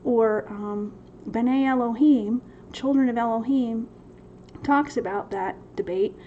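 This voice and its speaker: A woman's voice: on the high side, slow pace. A woman hosting a faith-based livestream Q&A, reading viewers' questions from the chat and answering them with frequent laughter. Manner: laughs often, reads chat questions aloud. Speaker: host of a Bible study Q&A. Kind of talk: livestream Q&A teaching. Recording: slightly dull sound with faint noise.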